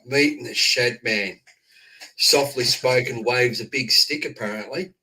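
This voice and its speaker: Bright-voiced Australian man telling a story. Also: medium pitch, moderate pace. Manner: chatty storyteller, laughs often, acts out quotes. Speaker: guest. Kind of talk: casual chat on a livestream.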